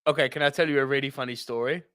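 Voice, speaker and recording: Man, posh English accent, podcast co-host, bright tone, dry close sound. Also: mid-range voice, fairly even intonation, racing, clear, resonant tone, no room sound. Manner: swearing, laughing anecdote-teller. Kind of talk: casual chat, storytelling.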